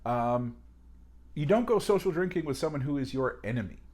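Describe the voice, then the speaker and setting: A man talking through an academic reading in a casual lecture, rambling with restarts and lively asides. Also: on the high side, normal speed. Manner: discursive, many fillers and restarts, animated asides.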